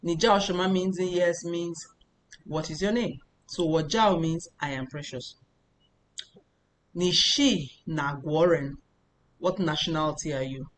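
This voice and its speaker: A woman from Nigeria, teaching a language lesson as a tutor and repeating phrases slowly before explaining them step by step. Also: on the low side, poor audio.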